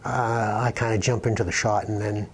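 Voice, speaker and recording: Hosting his painting channel, a wildlife painter tells a rambling, self-deprecating anecdote in casual storytelling style. His voice is fairly low and level, his pace moderate, with a little hiss or hum on the recording.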